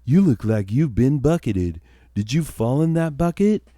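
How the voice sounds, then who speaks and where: A man's voice: mid-range voice, lively intonation, measured pace, dark tone, no echo, studio quality, pitched above the performer's own voice, lightly acted. A man voicing a drunk young frat-party dude with a surfer-style drawl. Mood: leering.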